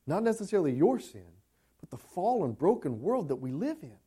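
A male pastor preaching a sermon, swinging between hushed, tender passages and impassioned climbs. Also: high voice, sing-song, a little fast, breathy edge.

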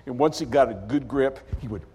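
A man preaching a sermon as a dramatic story, acting out the characters with sudden loud outbursts. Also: mid-range voice, fairly quick, husky, long reverb tail.

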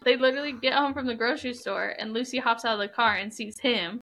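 A woman casually recapping a novel with a friend, eager and quick to agree. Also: fairly high pitch, fairly bright tone, slight background noise. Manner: eager, agreeing, acts out quotes. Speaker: book discussion co-host.

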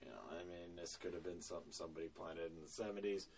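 A man talks shop on a podcast in a deep, unhurried voice. He's plain-spoken, with lots of ums and restarts. His voice sits slightly away from the microphone. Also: gravelly, far from the mic. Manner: relaxed, plain-spoken, many fillers. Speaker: lawn care business owner. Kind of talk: casual podcast conversation.

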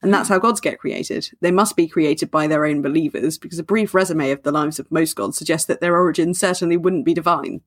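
A woman co-hosting a podcast, chatting casually, reading passages aloud and adding dry wordplay. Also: low-pitched. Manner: dry wordplay, slows down for emphasis. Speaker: podcast co-host.

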